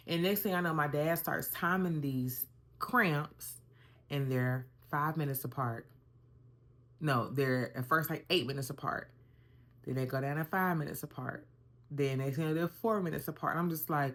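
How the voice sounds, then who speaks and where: Young woman vlogger, low voice, animated casual storyteller talking to viewers. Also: measured pace. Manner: animated, conversational, addresses viewers as y'all.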